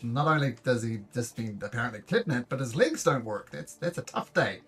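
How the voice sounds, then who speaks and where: Male game master, husky, lively pitch, halting narration. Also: soft background music. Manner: halting, filler-heavy narration.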